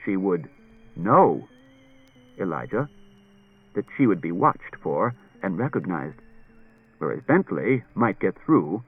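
A man doing a calm, unemotional robot. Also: low-pitched, husky, narrow, tinny audio, faint music behind, exaggerated voice. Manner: quiet, measured, unemotional. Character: calm humanoid male robot detective.

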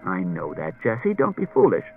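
A man's voice: sits low, wildly swooping pitch, moderate pace, soft background music. A man playing a curt tired detective. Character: tired, impatient middle-aged male detective. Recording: dull lo-fi audiobook recording.

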